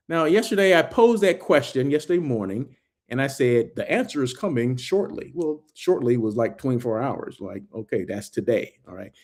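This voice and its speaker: A man giving a casual walking vlog tour of a hotel, chatty and excitable, filling his talk with asides and "right?" tags. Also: mid-range voice. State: out of breath while walking. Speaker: hotel industry vlogger. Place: hotel grounds, indoors and out.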